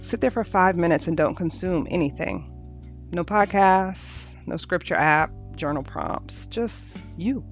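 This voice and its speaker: A woman hosting a podcast, talking through a reflective spiritual monologue in a gentle, unhurried way, repeating phrases for rhythm. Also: lowish voice. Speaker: podcast host. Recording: dull lo-fi audio with faint music.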